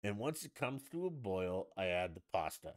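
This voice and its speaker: A man's voice: sits low, sing-song, normal speed. A man mockingly imitating a female TV cooking host, stretching and over-pronouncing her words.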